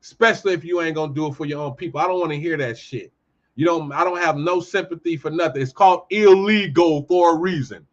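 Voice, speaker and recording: A man hosting his own show, giving a heated, profane commentary monologue and telling animated stories. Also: fairly high pitch, fast, muffled recording. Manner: profane, ranting, animated storytelling. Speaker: podcast host.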